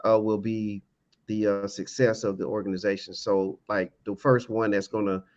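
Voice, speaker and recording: Halting low-voiced man on sports talk. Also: flat delivery, a little mellow, highs cut off. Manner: halting, repeats words, many uh fillers. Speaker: sports show host. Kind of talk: casual sports debate.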